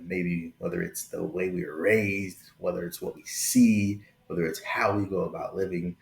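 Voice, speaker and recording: A man of roughly thirty, his voice sitting low and creaky, hosts a casual tech video from an echoey room. His manner is open, affectionate and conversational, and he keeps checking in with "right?"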